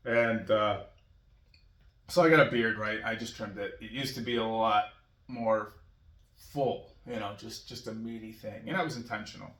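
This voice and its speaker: Middle-aged man, gravelly voice, rambling casual monologue, echoey room, sitting back from the mic. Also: fairly low pitch, a bit bright, recorded from a distance. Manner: rambling, chuckles often, many "you know"s.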